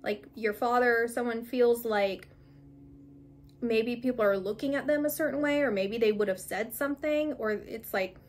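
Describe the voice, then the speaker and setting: Woman, young, slightly high voice, rambling, reassuring card reader. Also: moderate pace. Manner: rambling, many fillers and restarts, gentle reassuring. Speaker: tarot reader. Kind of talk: casual spiritual reading.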